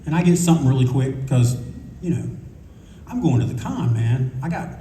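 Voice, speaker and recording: A man's voice: mid-range voice, brisk, slight background noise. Older man spinning profane anecdotes in an echoey hall. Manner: animated, casual and profane, acts out quotes. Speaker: convention panelist telling stories. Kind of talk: live anecdotal storytelling. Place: convention panel room. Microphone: audience recorder at a distance. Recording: echoey room from far off, faint ambience.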